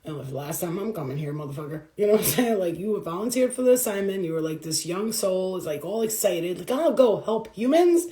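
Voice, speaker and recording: Woman spiritual reader, casual and profane, given to laughter. Mellow voice, echoey room. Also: on the low side, animated, quick pace, hardly any pauses. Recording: roomy echo.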